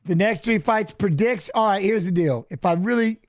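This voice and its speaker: Watching along with a fight, this man tosses out casual commentary and profane, rambling stories in the lulls, restarting himself and leaning on fillers. His voice sits high, and he talks at a normal speed.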